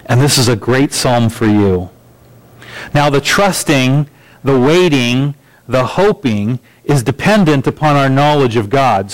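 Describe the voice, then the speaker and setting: Man, pastor, sermon, measured emphatic delivery, repeated phrases, mid-pitched voice. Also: low-quality recording.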